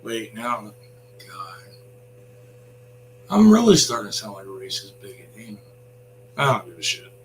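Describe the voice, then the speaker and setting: A man's voice: on the low side, sing-song, a little slow, pauses often, slight background noise, poor audio. A man ranting in a blunt, sarcastic vlog monologue, swearing freely. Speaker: vlogger.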